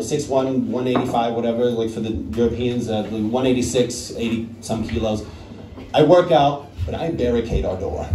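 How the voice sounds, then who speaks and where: A man with an American accent telling a long story on stage as a stand-up comedian, chatty and conversational, often tagging lines with "right?". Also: medium pitch. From Netherlands. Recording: echoey room, from far off, crowd. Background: audience laughter.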